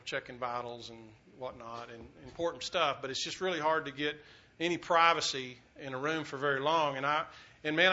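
A man preaching a sermon as pastor, telling a story earnestly, swelling loud and dropping quiet. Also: on the high side. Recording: dull lo-fi recording.

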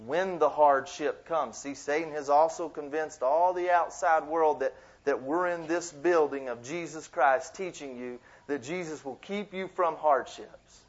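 A man giving a sermon as a youth minister, in lively, conversational preaching with asides. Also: a little high, unhurried, few pauses. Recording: dull lo-fi sound.

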